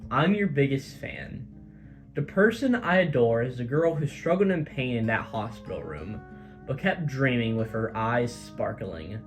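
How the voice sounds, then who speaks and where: A man voicing a brooding teenage boy bent on revenge, speaking low and quietly. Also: lively intonation, unhurried, faint music behind, natural voice. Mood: tender. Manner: low, quiet reading of quoted lines.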